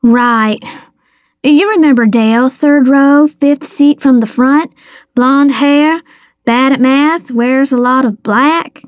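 A woman voicing a brash, blurting preteen girl with a cheeky, loud manner. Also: high-pitched, takes it slowly, no echo, studio quality. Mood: blunt. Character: brash, blunt preteen girl, sixth grader.

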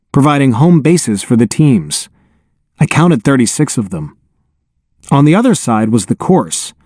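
A man narrating an audiobook in an expressive, wry first-person telling, on a close studio mic. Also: medium pitch, no echo.

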